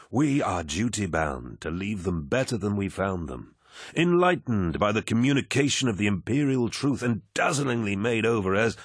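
A man's voice: slightly rough, no echo, clean studio sound, full character voice. A man voicing a towering, jovial demigod warlord in an audiobook, genial and commanding as he addresses his troops. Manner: genial, booming, warmly commanding. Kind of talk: audiobook character voice.

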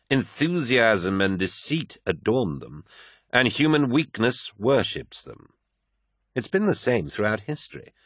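A man's voice: on the low side, slightly rough, no room sound, studio quality, full character voice. A man voicing a sardonic, gloomy male poet who argues with sarcasm. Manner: sarcastic, argumentative.

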